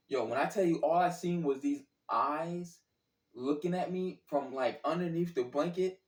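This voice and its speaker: A man with a voice on the high side, speaking at a measured pace, casually recounts a college basketball trip. He uses lots of slang and profanity and acts out his own reactions along the way. The room is echoey, and he's distant from the mic.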